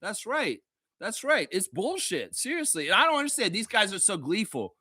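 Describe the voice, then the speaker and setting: A man's voice: high voice, big pitch swings, normal speed, sharp tone, slightly rough, no room sound, clean studio sound. A man hosting a sports fan livestream, ranting heatedly and sarcastically with a lot of swearing, then easing into laughing, loose chat. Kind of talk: profane ranting fan commentary.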